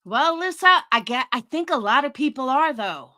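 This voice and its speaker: A woman's voice: sits high, animated, moderate pace, bright, forceful tone, no echo, clean studio sound. A woman livestreaming, defending herself in an indignant, sarcastic tone while talking to her chat.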